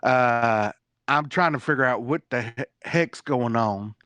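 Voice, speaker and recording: A man's voice: mid-range voice, unhurried, sharp tone, no room sound. A man telling a long story in a casual, rambling way, full of fillers and restarts.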